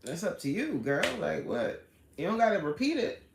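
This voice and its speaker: Fairly low-pitched and very animated, this woman talks at a normal speed with some vocal fry. She's hosting a casual livestream, chatting away, answering viewers in the live chat by name, and launching into a story. The recording has a roomy echo and faint background noise.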